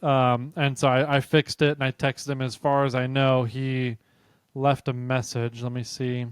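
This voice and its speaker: A man's voice: medium pitch, level tone, normal speed, clear, resonant tone, no room sound, clean studio sound. A man hosting a podcast, chatting casually and retelling a funny story with laughter. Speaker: podcast host.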